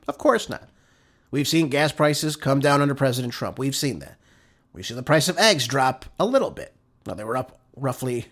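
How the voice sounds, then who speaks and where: A man's voice: mid-range voice, a bit bright. A man hosting a political show, delivering an emphatic commentary monologue full of rhetorical questions and heated asides.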